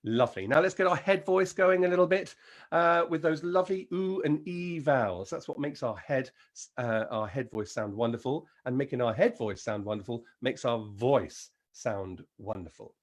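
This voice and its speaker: A man with an English accent leading an encouraging vocal warm-up lesson as a singing teacher. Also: medium pitch, lively intonation, normal speed. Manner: encouraging, demonstrates sounds and sings.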